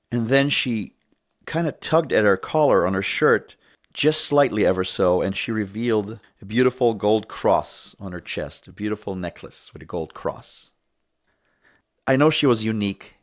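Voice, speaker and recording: A middle-aged man hosting a show, giving an emphatic political commentary monologue with indignant rhetorical questions. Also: medium pitch. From Northern California. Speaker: show host.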